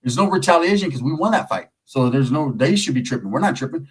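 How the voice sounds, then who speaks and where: Husky-voiced man telling street stories. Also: on the high side, fast, low-quality recording. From Merced area, California. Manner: streetwise slang, profane, animated. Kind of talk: casual storytelling.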